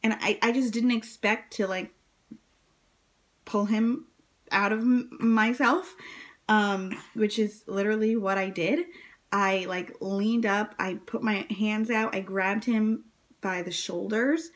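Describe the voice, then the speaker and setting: A woman vlogger telling her birth story to camera in a casual, chatty way, full of "like" and "um", jumping up high when she quotes herself and others. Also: steady tone, takes it slowly. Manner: chatty, many fillers, acts out quotes in a high voice.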